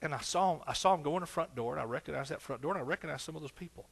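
Older East Texas man, pastor in the pulpit, fervent and folksy, slightly high voice. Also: racing, gravelly, husky. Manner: fervent, exclaiming, folksy storytelling. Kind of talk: sermon.

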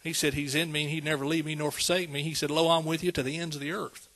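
Husky preacher man. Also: on the high side, little pitch movement, fast, a bit bright. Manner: preachy, conversational, calls out to the congregation. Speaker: pastor. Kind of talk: sermon.

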